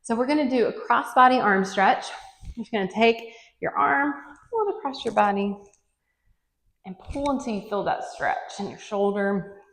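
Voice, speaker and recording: A woman's voice: fairly high pitch, normal speed, fairly bright tone, roomy sound. A woman fitness instructor leading a workout, counting reps aloud and encouraging, a bit out of breath as she moves.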